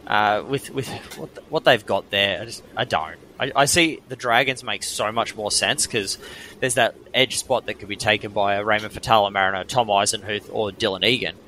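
A man's voice: fairly low pitch, normal speed, sharp tone, a little hiss or hum. A man with an Australian accent, co-hosting a sports podcast and giving firm, opinionated takes with frequent ums. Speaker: podcast co-host. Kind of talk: casual sports chat.

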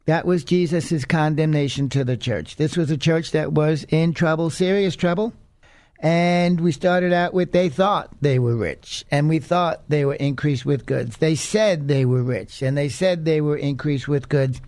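A man's voice: fairly high pitch, fairly even intonation, normal speed, darkish tone, no echo. Earnest male radio Bible teacher. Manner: earnest, conversational, with fillers.

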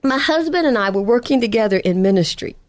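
A woman's voice: on the high side, lively intonation, fast talker, a little mellow, no room sound, lightly acted. A woman voicing a tearful middle-aged wife calling in, with an earnest, emotional retelling. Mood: grieving.

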